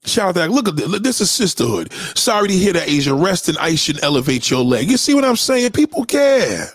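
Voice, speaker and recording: A man's voice: sits high, sing-song, fairly quick, no echo. A man hosting a casual livestream, reading viewer comments and ranting bluntly with lots of profanity. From New York. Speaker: livestream host.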